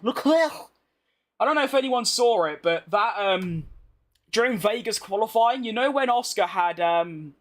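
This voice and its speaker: With a high-pitched, fairly bright voice, this young British streamer chats bluntly while commentating on his racing game. He reads viewers' messages and banters back in a casual, chatty way.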